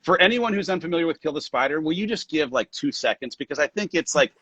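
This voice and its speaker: A man's voice: fairly high pitch, lively intonation, fast, bright, forceful tone, no room sound. A man hosting a live video call interview, asking questions and affirming his guest with enthusiasm. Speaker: host. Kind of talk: casual conversation.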